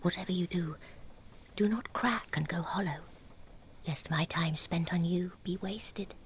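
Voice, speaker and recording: An actress voicing an aloof ancient witch teacher in a game, speaking in a breathy, hushed whisper. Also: on the low side, unhurried, slight background noise, lightly acted. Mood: solemn warning. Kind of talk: game character dialogue.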